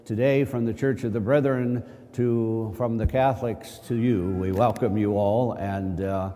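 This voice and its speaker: A man's voice: lowish voice, steady tone, unhurried, mellow. A male priest giving a conversational sermon, full of rhetorical questions and joking asides. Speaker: Catholic priest. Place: church. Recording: long church reverb.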